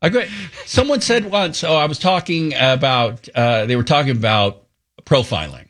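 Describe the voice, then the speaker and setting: Animated middle-aged man telling stories. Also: medium pitch, normal speed. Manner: animated storyteller, laughs through his anecdotes. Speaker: radio co-host. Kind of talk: casual radio talk.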